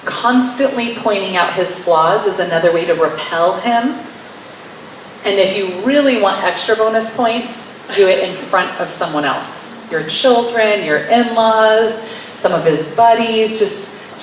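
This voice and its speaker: A woman's voice: mid-range voice, unhurried. Wry woman teacher in an echoey room. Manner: wry, playfully sarcastic, acts out little scenes. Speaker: Christian marriage teacher. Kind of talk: teaching talk to wives. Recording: very echoey room, mic far off, faint hiss.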